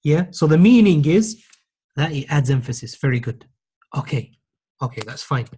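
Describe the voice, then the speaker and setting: A man's voice: a little high, expressive, normal speed, dark tone, husky. A man teaching an Arabic grammar class, patiently repeating key phrases and praising his students. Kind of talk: classroom lesson.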